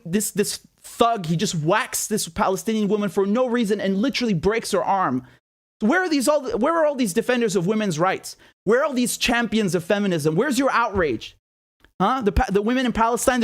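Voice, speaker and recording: A man hosting political commentary, indignant and passionate, firing off one rhetorical question after another. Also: sits high.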